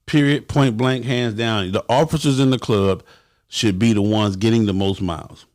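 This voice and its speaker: A man's voice: on the low side, steady tone, moderate pace, darkish tone. A man hosting a livestream for his motorcycle club, giving blunt, profane advice to viewers and acting out quotes in a raised voice.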